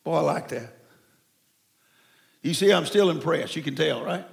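A man in his seventies from Mexico, preaching a sermon to a congregation with folksy, animated storytelling that breaks into shouts. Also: fairly high pitch, a little slow, creaky. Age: 70s.

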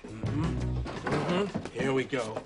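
A man's voice: medium pitch, animated, extremely slow, over loud music. An actor playing a playful, scheming young man who teases in a sitcom. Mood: muttering. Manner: playful, teasing. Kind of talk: sitcom acting.

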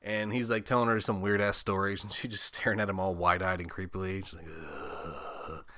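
A man with a fairly low, bright, forceful voice recaps a film in a loose, joking way. He swears often and slips into quick bits of the characters' lines. The sound is dry and close. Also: level tone, dry recording. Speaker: podcast host. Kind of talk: casual movie recap.

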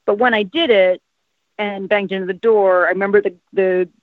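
In a tinny, phone-like, dry recording with no echo, a South Jersey woman in her fifties speaks at a normal speed. She's an actress giving a casual interview, her mid-range voice fairly even in intonation as she rambles with many "like"s and "um"s.

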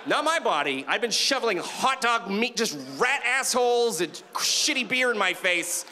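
A man's voice: very high-pitched, moderate pace, a little hiss or hum. A middle-aged man doing a stand-up comedy set on a club stage, talking animatedly and acting out voices. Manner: animated, acts out voices and quotes. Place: comedy club stage before a live audience.

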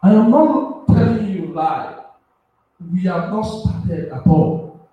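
A man preaching with strong emotion. He stumbles over words, restarts phrases, and his voice surges high and loud when he gets worked up. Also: expressive, slow, narrow, tinny audio, faint music behind. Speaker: self-styled prophet and preacher. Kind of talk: impassioned spontaneous preaching. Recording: very echoey room, voice far from the mic.

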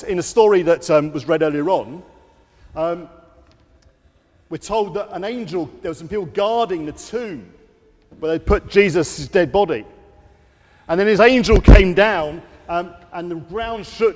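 A man with a fairly high voice gives an all-age talk in a church, speaking through a microphone. He tells the story to children in a lively way and acts out the quotes. His voice rings out with a long echo off the hall. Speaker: preacher. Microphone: wearing a microphone.

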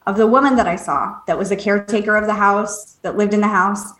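A woman, a podcast co-host and medium, telling a story in a casual, animated way, laughing often, swearing and acting out what people said. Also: mid-range voice, fast. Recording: echoey room.

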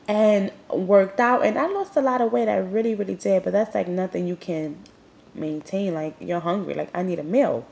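A young woman hosts a podcast, talking candidly in a personal, confessional monologue that rambles and is full of "like" fillers. She sounds a little congested and sniffles at times. Her voice is mid-range and darkish, with vocal fry.

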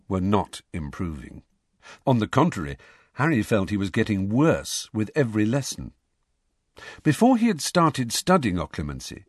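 A man reading a storybook aloud in an expressive, measured way. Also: mid-range voice, no room sound, studio quality. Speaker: audiobook reader.

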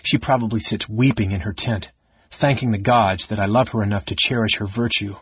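A man's voice: on the low side, steady tone, fairly quick, slightly rough, no room sound, highs cut off. An audiobook narrator voicing a scornful male mage who talks coldly, mocking and sometimes whispering. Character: sickly scornful male mage, cold and cutting.

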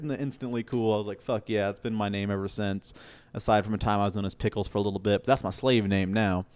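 A man's voice: lowish voice, brisk, smooth. A young man co-hosting a podcast, telling a long, rambling, profane story and acting out the quotes. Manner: profane, rambling, animated anecdotes with acted-out quotes. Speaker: podcast co-host. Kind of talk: casual storytelling.

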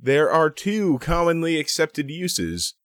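A man's voice: fairly high pitch, very animated, slow, no echo, studio quality. A man from Canada chatting playfully on a podcast. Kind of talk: casual chat.

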